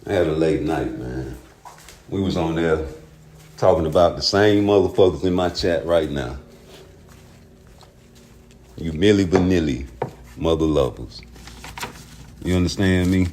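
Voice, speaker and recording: A man's voice: extremely low pitch, unhurried, pauses often, darkish tone, a little hiss or hum. A man hosting a livestream, ranting at his chat about boxing in a profane, heated way, arguing with viewers. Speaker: boxing commentary streamer.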